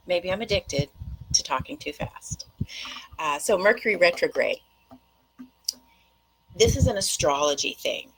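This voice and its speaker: Gravelly low-voiced woman chatting rambly. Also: slight background noise, poor audio. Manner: chatty and rambling, quick-talking with tangents. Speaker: host. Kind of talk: casual monologue to viewers.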